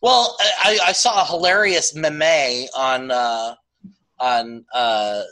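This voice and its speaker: Male co-host with a bright, sharp tone, casual and animated. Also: fairly high pitch, slow, rough recording. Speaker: podcast co-host. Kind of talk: casual chat.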